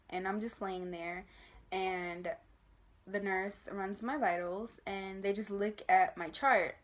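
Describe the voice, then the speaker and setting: A young woman telling her pregnancy story in a casual vlog, acting out the people she quotes in lively voices. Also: mid-range voice. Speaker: vlogger.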